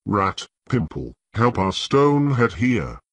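Audiobook: man reading a contemptuous drill master, cold and cutting, low and dry. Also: sing-song, slow, fairly bright tone, no echo, dull audio, full character voice. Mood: sneering. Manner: taunting, contemptuous. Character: cold, sharp-voiced, sneering male master-at-arms.

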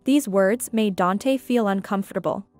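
A woman reading a scripted story aloud as narrator, steady and even. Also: medium pitch, a little slow. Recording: faint background music.

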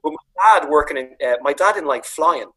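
A Dublin man on a video call, telling lively anecdotes about his late father, acting out voices and swearing freely. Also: on the high side, normal speed, slightly rough, rough recording. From Ireland. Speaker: comedian guest. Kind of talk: casual storytelling on a video call.

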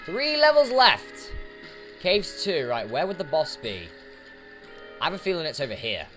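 A man's voice: mid-range voice, sing-song, moderate pace, fairly bright tone. A man giving casual let's play commentary, chatting to the enemies on screen as he plays, with game music behind him. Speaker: gaming YouTuber.

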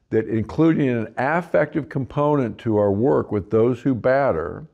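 Speaking in a warm, gravelly, mid-range voice, a man teaches a group of facilitators, occasionally brightening his delivery to mimic clients' words. The sound is lo-fi.

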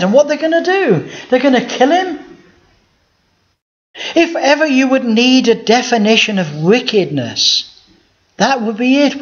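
A man, a pastor giving a sermon in a conversational style, often asking the audience rhetorical questions. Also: very high voice. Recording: dull lo-fi sound.

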